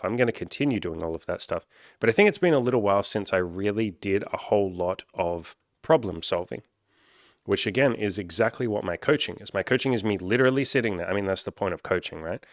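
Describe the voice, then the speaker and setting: A man with a low, deep voice talks straight to camera about his coaching work. His delivery is casual and candid, with lively bursts when he acts out other people, and he swears freely. The sound is close and dry, with no room echo. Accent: Australian. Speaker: life coach and content creator. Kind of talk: casual talking-head monologue.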